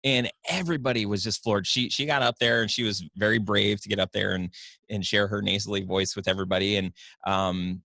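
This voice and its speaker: A man's voice: fairly low pitch, fairly even intonation, fairly quick, gravelly, bright, forceful tone, dry recording, studio quality. A man hosting a podcast, asking questions in a hesitant way with many restarts. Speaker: podcast host. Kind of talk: casual podcast interview.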